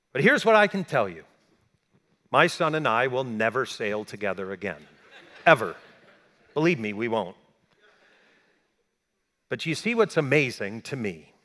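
A middle-aged man preaching a sermon as a pastor, telling stories and swinging between loud emphasis and quiet asides. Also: mid-range voice, long reverb tail.

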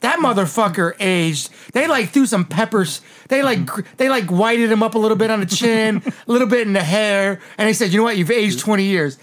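A man co-hosting a casual chat show, talking quickly and animatedly, swearing often and laughing. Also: high voice, a bit bright. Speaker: podcast co-host.

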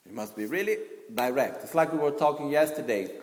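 A man's voice: fairly high pitch, lively intonation, fairly quick, darkish tone. A man giving a Buddhist teaching in a conversational way, with frequent asides and acted-out quotes. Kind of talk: commentary teaching on a Buddhist text. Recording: echoey room with long reverb.

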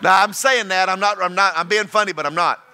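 A man preaching a sermon, folksy and joking, swinging between loud exhortation and quiet storytelling. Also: high-pitched, a little fast, vocal fry, noisy background.

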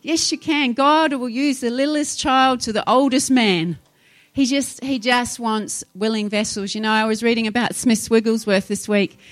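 A woman's voice: fairly high pitch, no echo. A woman preaching a sermon, fervent and exhorting, rising into urgent appeals to her congregation.

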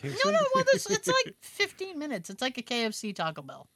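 A woman chatting casually on a talk show, acting out quotes with big jumps in pitch. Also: huge pitch swings, fairly quick, noisy background. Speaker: co-host. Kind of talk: casual chat.

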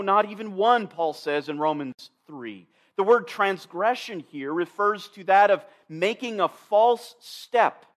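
A man's voice: high-pitched, a bit bright. A pastor preaching an expository sermon, addressing his listeners directly and repeating key phrases for emphasis.

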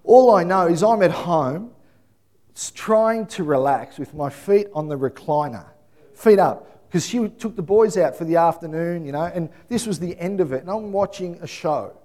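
A middle-aged pastor whose voice sits high for a man. He preaches with animated storytelling, acting out the people in his family stories as he goes. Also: moderate pace. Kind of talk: sermon.

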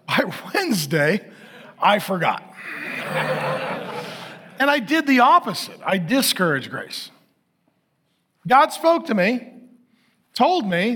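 A man's voice: high-pitched, huge pitch swings, takes it slowly, long pauses, a bit bright, breathy edge. A middle-aged male pastor preaching, telling a candid, self-mocking story about his marriage to the congregation. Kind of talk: sermon.

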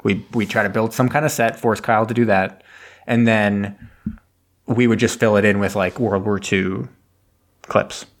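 A man's voice: on the low side, steady tone, normal speed. A man co-hosting a podcast from home over an internet call, recapping a movie in a rambling, laughing way with many restarts. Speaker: podcast co-host. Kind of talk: casual movie recap chat.

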